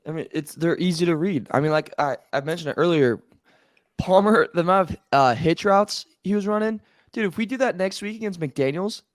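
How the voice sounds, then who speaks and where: A man co-hosting a sports podcast, animated and incredulous in casual chat. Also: on the high side, a little fast, dry recording, clean studio sound. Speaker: podcast co-host.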